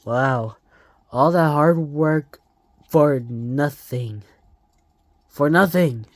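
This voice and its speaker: Slow storybook reading, dry close sound, faint music behind, emotional host. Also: mid-range voice, no echo. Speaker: channel host.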